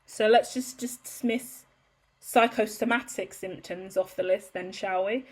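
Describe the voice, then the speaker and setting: A woman's voice: mid-range voice, unhurried, slightly rough. A woman giving a heated, profane monologue to camera as a tarot reader, blunt and ranting.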